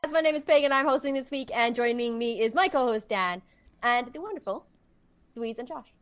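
A woman's voice: fairly high pitch, moderate pace. A woman hosting a casual podcast, telling stories animatedly and laughing often. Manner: animated storytelling with lots of laughing. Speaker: podcast host.

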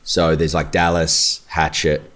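An Australian man, an actor guest, chatting casually with relaxed, rambling phrasing. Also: very deep voice, measured pace. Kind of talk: casual podcast chat.

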